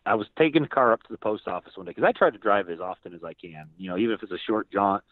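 A man, a podcast guest, chatting casually and telling lively stories in which he acts out what other people said. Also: lowish voice, very fast, no room sound. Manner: animated storyteller who acts out other people's lines. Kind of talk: casual storytelling chat. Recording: tinny phone-like line, dry.

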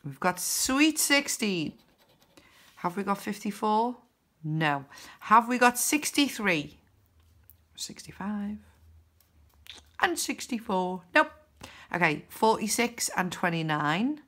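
Woman vlogger, unhurried, crisp bright tone, chatty number-by-number commentary. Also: mid-range voice. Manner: chatty, counts numbers aloud, cheers and groans. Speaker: scratch card vlogger. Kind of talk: casual commentary while scratching cards.

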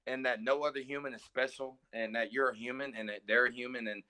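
A man's voice: mid-range voice, fairly even intonation, quick pace, sharp tone, dry recording. A man hosting a podcast, chatting in a laid-back way and reacting with short interjections. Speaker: podcast host. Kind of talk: casual chat.

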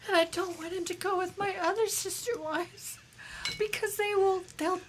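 A woman's voice: extremely high pitch, fairly even intonation, normal speed, background noise. A woman playing a naive, fretful sister wife in a prank call, stammering and rambling. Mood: earnest. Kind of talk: prank call role-play.

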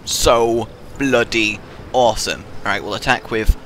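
A man giving live gameplay commentary with excitable, swearing trash talk. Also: mid-range voice, a little slow, slight background noise. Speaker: gaming video host.

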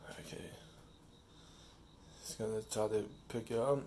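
A man reading a devotional slowly, stopping and restarting often, then talking fondly to his cat at home. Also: fairly low pitch, steady tone, slight background noise. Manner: slow, halting reading with restarts; fond, soft talk to his cat.

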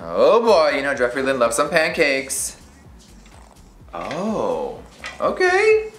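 A man's voice: mid-range voice, wildly swooping pitch, slow pace, a bit bright, echoey room, soft background music. A man vlogging casually to camera as a beauty creator, sassy and giggly, swearing casually as he chats from a hotel room.

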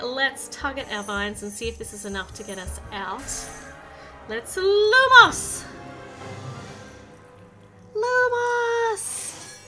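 Chatty high-voiced woman playing a game. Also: fairly bright tone. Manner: chatty, explains as she plays, reads lines aloud. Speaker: game channel host. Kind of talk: let's-play game commentary.

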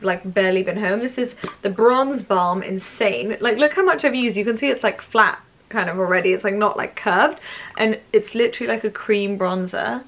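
This UK beauty vlogger has a mid-range, fairly bright voice as she talks through her shopping haul, chatty and effusive, with "like" turning up constantly. The audio quality is poor.

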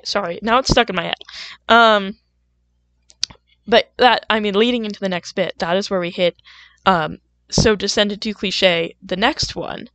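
A young woman rambling casually while she plays a game, full of fillers, self-deprecating asides and sudden loud, playful outbursts. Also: mid-range voice, normal speed. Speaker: gaming video creator.

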